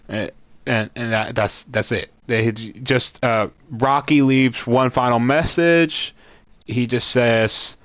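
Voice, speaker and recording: A young man talks through a film's story in a loose, rambling way, circling back on his words and checking in with the listener. He speaks slowly in a middle-pitched, smooth, resonant voice. The sound is dry, with no room echo. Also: steady tone, bright, forceful tone. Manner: rambling, lots of restarts and "you know what I mean". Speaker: movie reviewer. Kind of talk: casual movie recap.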